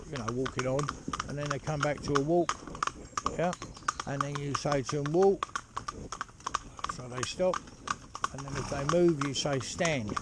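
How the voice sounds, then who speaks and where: A horse trainer talking casually outdoors while driving a pony cart, rambling and chatty with lots of "you know". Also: male voice, medium pitch. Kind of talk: casual spoken instruction while driving ponies. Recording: loud hoof clatter and outdoor noise.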